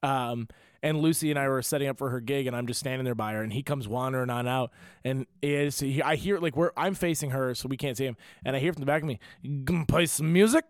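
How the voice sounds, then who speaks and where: A man's voice: medium pitch, steady tone, fast, clear, resonant tone, dry recording, studio quality. A young man hosting a podcast, telling stories in a rambling, filler-heavy casual chat. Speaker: podcast host.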